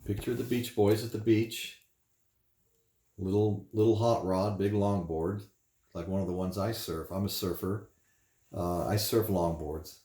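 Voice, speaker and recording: Man, vinyl unboxing host, low voice, rambling casual storytelling, echoey room. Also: fairly even intonation, unhurried, mellow. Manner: rambling, chuckling, fillers.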